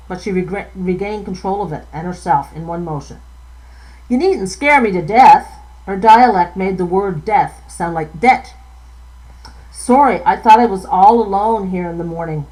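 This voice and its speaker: A woman's voice: medium pitch, darkish tone, low-quality recording. Woman, author, live novel reading, stumbles and self-corrects.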